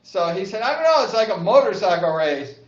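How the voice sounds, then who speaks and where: Older man with a high voice, casual rambling storyteller, laughs easily. Echoey room, dull recording. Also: fairly quick, far from the mic. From Southern California. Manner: rambling, says "like" a lot, laughs often, excitable yells. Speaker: vlogger, former speedway rider. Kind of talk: casual reminiscing monologue.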